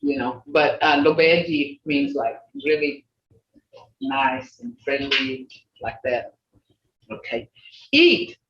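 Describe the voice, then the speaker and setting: An older woman teaching an online language class, patiently repeating words slowly for her learners. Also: a bass voice, steady tone, far from the mic, slight background noise. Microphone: video call. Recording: roomy lo-fi video call audio from off-mic.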